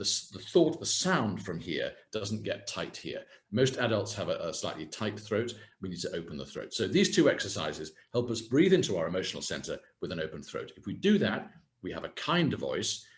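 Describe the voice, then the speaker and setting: A man with a fairly low voice teaches voice and posture in an online webinar. His pitch swoops a lot, and he demonstrates each point as he goes. He comes through a video call. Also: a little fast, few pauses. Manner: lively, hands-on, demonstrating as he speaks. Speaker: communication and voice coach. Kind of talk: webinar talk with practical exercises.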